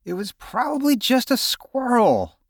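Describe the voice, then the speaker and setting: A cocky, athletic teenage boy, acted by a male narrator, tossing lines off lightly. His pitch is pushed up and lilts widely. Recorded dry and close. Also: very animated, unhurried, no room sound, exaggerated voice. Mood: offhand. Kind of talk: audiobook character voice.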